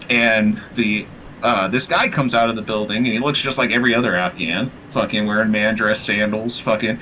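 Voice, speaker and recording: A man with a bright, forward voice tells a rambling, profane story at an easy, casual pace. There is a faint background hiss. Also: lowish voice, normal speed, poor audio. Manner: profane, rambling, laid-back. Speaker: host.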